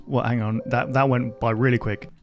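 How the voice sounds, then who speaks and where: A man of middle pitch reads a creepy story aloud, calm and level. He keeps cutting in with loud, startled remarks. Clear music plays under his voice. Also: moderate pace. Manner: reads in an even tone, breaks off with sudden loud exclamations. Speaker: reaction video host. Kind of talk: reading a horror story aloud with reactions.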